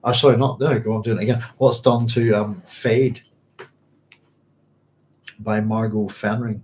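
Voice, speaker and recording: A man's voice: lowish voice, level tone, a little slow, darkish tone. A man hosting a book club, reading passages aloud and thinking them through as he goes, often saying "if you like.". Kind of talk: reading aloud and discussing a novel.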